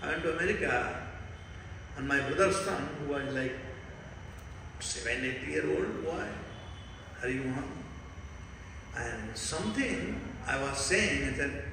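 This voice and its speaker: A man from North India with a North Indian accent, preaching a scripture class in an animated storytelling way and quizzing his listeners. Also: medium pitch, unhurried, pauses often, background noise. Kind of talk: sermon. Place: large temple hall. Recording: echoey hall recorded from far off.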